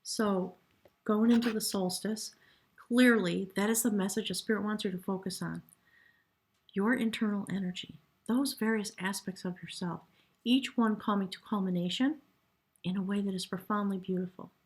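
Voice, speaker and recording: A woman giving a spiritual tarot reading in a soft, reverent way, sometimes dropping to a hush and getting choked up. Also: mid-range voice, fairly even intonation, normal speed. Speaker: tarot reader.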